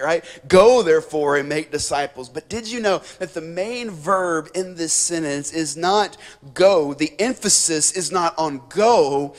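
A male missionary preaching a sermon in a church, emphatic, repeating key words and building in fervor. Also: a little high. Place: church sanctuary.

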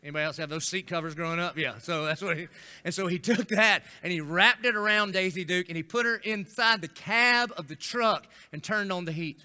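A middle-aged man, preaching a folksy, animated storytelling sermon as a senior pastor. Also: high-pitched, fairly quick, clean tone. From Florida. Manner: folksy, animated storytelling with acted-out quotes and rising intensity.

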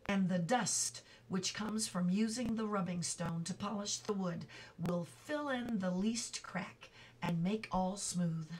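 A woman reading a children's book aloud, slowly and carefully, with small slips she stops to correct. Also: medium pitch, recorded from a distance, rough recording. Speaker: reader.

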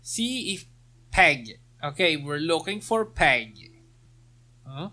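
A man casually commenting while playing a game, reading quest text aloud and joking with quick laughs. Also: fairly high pitch, animated, bright, forceful tone. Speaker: let's play gamer.

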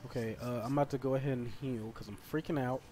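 A man doing live gameplay commentary as a streamer, excitable and swearing as he yells at the game. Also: medium pitch, fast. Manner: excitable, cursing and yelling at the game. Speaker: gaming streamer.

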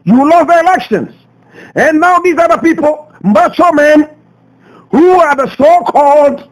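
A Ghanaian man hosting a radio show, delivering a passionate commentary full of rhetorical questions, swinging between loud outbursts and low asides. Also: poor audio. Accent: Ghanaian English. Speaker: radio host. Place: radio studio.

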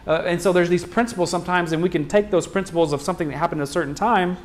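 A man preaching a sermon as pastor, in a conversational style full of rhetorical questions and quick restarts. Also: high-pitched, steady tone.

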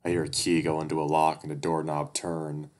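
A man narrating a first-person story aloud in a quiet, steady way. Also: a bass voice, a little fast.

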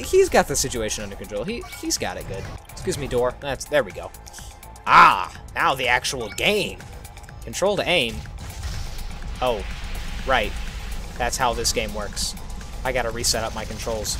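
A man giving jokey, animated let's-play commentary, exclaiming at the game, with faint game music behind. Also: medium pitch, moderate pace, pauses often.

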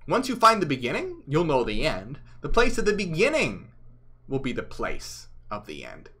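A man's voice: on the high side, wildly swooping pitch, moderate pace, fairly bright tone, breathy edge, exaggerated voice. A man voicing a sarcastic, impatient teacher figure who mocks his followers, in an exasperated tone. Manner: mocking, exasperated.

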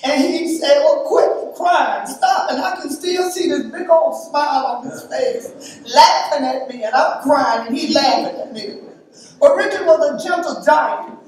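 A woman's voice: high-pitched, measured pace, a little mellow. A woman speaking at a memorial service, reading scripture and sharing heartfelt, emphatic memories. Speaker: eulogy speaker. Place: church or memorial hall. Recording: echoey hall from a distance.

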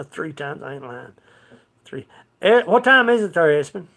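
Unhurried, high-pitched male host, folksy and quick to laugh, chatting live over guitar. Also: very animated, vocal fry, bright, forceful tone. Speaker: host of a live music stream. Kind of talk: casual chat with viewers between songs. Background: his own acoustic guitar.

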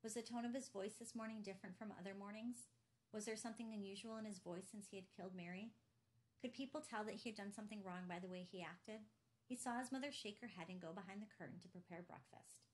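A woman narrating a novel aloud in a steady, measured reading. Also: mid-range voice. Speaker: audiobook narrator. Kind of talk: scripted narration.

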